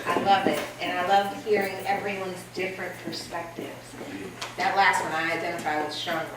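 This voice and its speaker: A woman's voice: lowish voice, level tone, brisk. A woman hosting a live poetry event, chatting casually and enthusiastically before introducing the next reader. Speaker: event emcee. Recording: roomy hall from far off, background noise.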